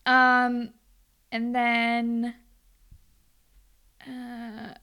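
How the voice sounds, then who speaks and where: A woman's voice: a little high, completely flat delivery, extremely slow, sharp tone, clear, resonant tone. A young woman co-hosting a podcast, recapping a TV episode in casual chat, swearing often and laughing a lot. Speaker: podcast co-host.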